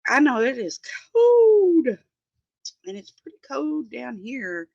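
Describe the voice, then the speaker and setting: A woman's voice: high voice, sing-song, takes it slowly, gravelly, no echo, dull audio. A woman hosting a casual crafting live stream from her home desk, chatting as she works, greeting viewers by name and thinking aloud. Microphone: phone.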